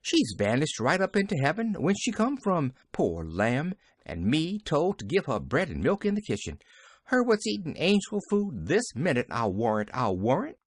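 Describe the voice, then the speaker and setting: A man voicing a flustered, excitable young woman servant who exclaims in rustic country speech. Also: fairly high pitch, moderate pace, no room sound, pitched above the performer's own voice. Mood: frantic.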